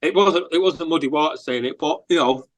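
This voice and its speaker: A man's voice: on the high side, brisk, poor audio. A man with a northern English accent, a musician guest telling long rambling anecdotes in a casual interview. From England. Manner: rambling, animated anecdotes with lots of fillers.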